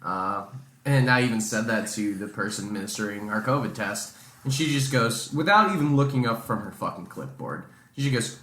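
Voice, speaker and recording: A man's voice: mid-range voice, a little fast, reverberant, slight background noise. A man co-hosting a podcast, telling a story in casual chat, swearing a lot and acting out the people he quotes. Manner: profane, animated storyteller doing dramatic quotes. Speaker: podcast co-host.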